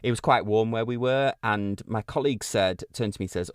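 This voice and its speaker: A man in his late thirties co-hosting a podcast, chatty and quick to laugh as he tells stories. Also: lowish voice, smooth, dry recording, clean studio sound. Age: late 30s. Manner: chatty storyteller, laughs easily. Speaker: podcast co-host. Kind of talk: casual chat.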